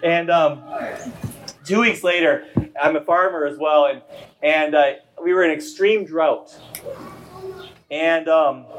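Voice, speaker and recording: Male preacher, young, fairly high voice, animated storyteller who rises to shouts; faint hiss. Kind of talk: sermon storytelling.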